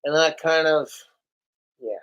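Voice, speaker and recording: Slow-talking profane man ranting. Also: a little high, fairly bright tone, clear, resonant tone, muffled recording. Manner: profane, rambling, venting. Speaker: vlogger. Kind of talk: rambling casual rant to camera.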